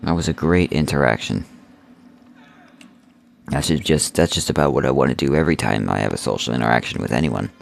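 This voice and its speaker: A man's voice: very deep voice, fairly quick, vocal fry, long pauses. A man giving goofy, jokey let's play commentary, talking to the viewer in silly voices. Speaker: gaming video host.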